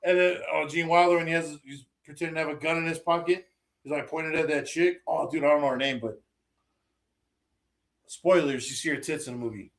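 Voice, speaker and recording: Profane storytelling man, highish voice. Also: fairly quick. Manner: profane, animated storytelling, acts out quotes. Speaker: podcast co-host. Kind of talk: casual chat.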